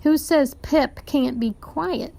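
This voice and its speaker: A woman's voice: high voice, slow pace, gravelly, warm tone, pitched above the performer's own voice, heavily acted. A woman reading a grumpy, burned-out middle-aged male teacher in a story read aloud. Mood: stern.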